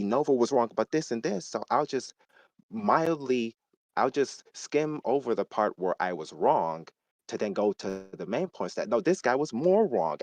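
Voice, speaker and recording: A man's voice: lowish voice, darkish tone, no room sound. A man ranting heatedly and emphatically in a casual gaming discussion.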